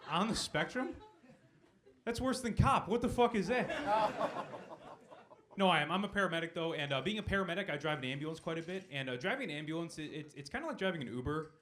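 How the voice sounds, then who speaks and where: A young man performing a stand-up comedy set on a club stage, delivering deadpan punchlines and talking with the crowd. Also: on the high side, a little fast, a little hiss or hum.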